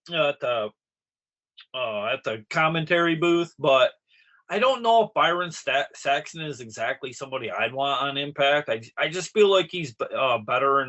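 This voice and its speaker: A man's voice: a little high, a bit bright, dull audio. A man co-hosting a casual podcast, hesitant, with many fillers and frequent laughs. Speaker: podcast co-host.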